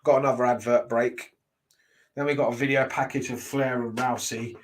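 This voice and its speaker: Man, ranting wrestling reaction, blunt, swears a lot, mid-pitched voice. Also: little pitch movement, normal speed. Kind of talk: casual reaction commentary.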